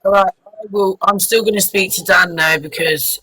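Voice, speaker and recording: Woman hosting, bright sharp tone, slow and trying to calm everyone down. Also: fairly low pitch, breathy edge, no room sound, rough recording. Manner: calming, slow and placating. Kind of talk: casual chat, mediating.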